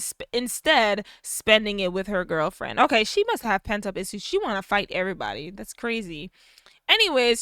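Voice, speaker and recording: A woman's voice: medium pitch, bright, forceful tone, clean tone, no echo, studio quality. A woman in casual gameplay commentary, chatty and sassy, acting out the characters' voices. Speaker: gameplay narrator.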